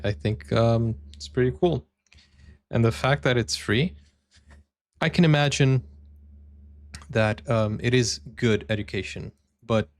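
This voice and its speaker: A man hosting a reaction video, talking casually and hesitantly with many pauses and laughs. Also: mid-range voice, vocal fry, dry recording, clean studio sound. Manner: hesitant, many fillers and restarts, laughs often.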